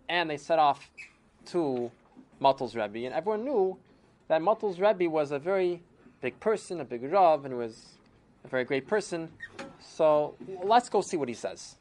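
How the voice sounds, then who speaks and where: A woman storyteller with a low voice that swings widely in pitch as she narrates. She tells the tale expressively, dropping in Yiddish and Hebrew terms and acting out the characters. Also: animated, normal speed, darkish tone. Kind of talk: animated storytelling.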